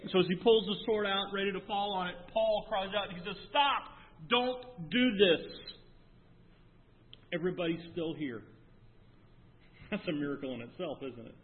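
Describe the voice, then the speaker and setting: Male pastor, emphatic preaching with swings from loud to hushed, slightly higher voice, tinny phone-like recording with long hall reverb. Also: a little fast, slightly rough. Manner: emphatic preaching, rising to near shouts and dropping to hushed tones. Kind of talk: sermon.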